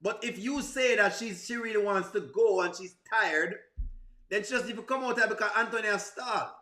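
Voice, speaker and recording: A man's voice: sits high, a little fast, sharp tone, reverberant. A man with a Jamaican accent chatting casually on a livestream, answering viewers, laughing often and exclaiming to himself. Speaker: livestream host.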